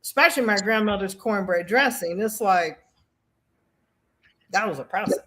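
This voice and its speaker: A woman, a veteran guest, earnestly sharing personal stories in an animated way, often restarting her sentences. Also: mid-range voice, normal speed. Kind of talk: casual personal storytelling.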